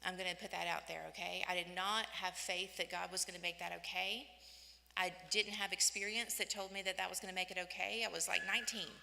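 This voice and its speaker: A woman in her fifties giving an inspirational church talk, telling personal stories in an animated way and acting out the voices she quotes. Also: lowish voice, fairly quick, vocal fry. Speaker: women's day church speaker. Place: church hall. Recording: echoey church hall.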